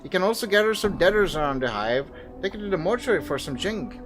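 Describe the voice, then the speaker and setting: A man voicing a gruff male slum local who drawls folksy talk in a put-on accent. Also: high-pitched, sing-song, quick pace, fairly bright tone, faint music behind, pitched above the performer's own voice. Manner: drawling, folksy, says aye.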